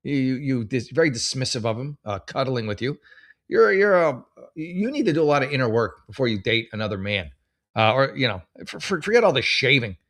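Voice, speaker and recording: A man's voice: medium pitch, lively intonation, fairly quick, a bit bright. A man in his forties hosting a comedy advice show, reading posts aloud and reacting with sarcastic, rambling, exasperated commentary. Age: 40s.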